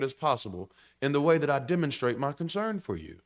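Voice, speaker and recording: Man preaching, from hushed to loud. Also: medium pitch, very animated, a little fast, few pauses. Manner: casual and blunt, with frank slang. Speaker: pastor. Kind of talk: sermon.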